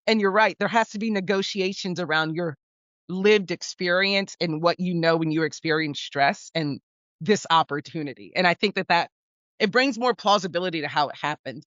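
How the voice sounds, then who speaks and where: A woman co-hosting a podcast, talking about film in a casual, animated and emphatic way, sometimes swearing. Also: fairly low pitch, normal speed, no room sound, lo-fi sound. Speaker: podcast co-host.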